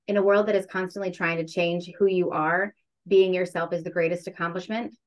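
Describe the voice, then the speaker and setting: A woman's voice: fairly low pitch, fairly even intonation, a little fast, rough recording. A woman guest in a casual interview, speaking candidly and reflectively, stretching words for emphasis.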